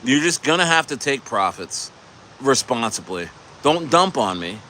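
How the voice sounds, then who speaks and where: A man rambling through a casual live stream, stumbling over his words and swearing freely. His voice is bright and forceful. A faint hum of a vehicle sits behind him. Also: medium pitch, big pitch swings, unhurried. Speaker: crypto streamer.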